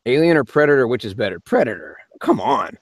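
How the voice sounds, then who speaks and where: A male voice actor chats through a live-stream Q&A from his home studio, answering viewers' questions with quick, joking replies and frequent laughter. His voice is mid-pitched and recorded dry, with no room echo. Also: wildly swooping pitch, creaky.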